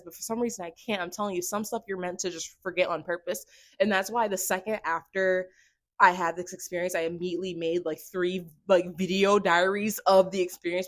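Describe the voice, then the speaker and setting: A young woman vlogger telling a story to camera in an excitable, rambling way, full of fillers. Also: on the low side.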